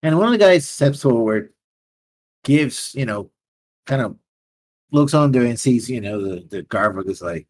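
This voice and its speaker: A chatty game master with a lively voice. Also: male voice, medium pitch, moderate pace, long pauses. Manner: casual, many fillers. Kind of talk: narrating a tabletop game.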